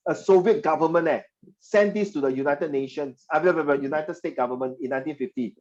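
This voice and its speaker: Lively, teasing male history teacher. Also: a little high, fast talker, dull audio. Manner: animated and teasing, mixing in Mandarin phrases. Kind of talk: classroom lecture. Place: classroom.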